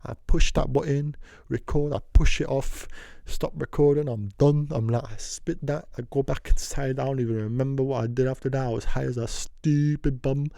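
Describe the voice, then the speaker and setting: A man's voice: mid-range voice, steady tone, moderate pace, creaky, warm tone, no room sound, studio quality. A young man telling a rambling, slang-heavy story in a casual vlog, often repeating and circling back. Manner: slangy, meandering, repeats himself.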